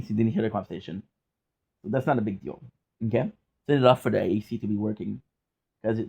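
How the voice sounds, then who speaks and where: A man's voice: medium pitch, vocal fry, darkish tone, lo-fi sound. A young man chatting casually in a vlog from his apartment, rambling with restarts and casual swearing. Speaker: gaming vlogger. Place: hot apartment.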